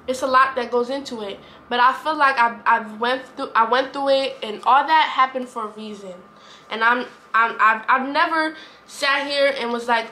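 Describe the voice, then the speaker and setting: A woman's voice: on the high side, pushed and bright, a little hiss or hum. A woman, talking earnestly to camera in a rambling, repetitive way. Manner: earnest, rambling, repeats herself. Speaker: vlogger. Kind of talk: heartfelt casual talk to camera.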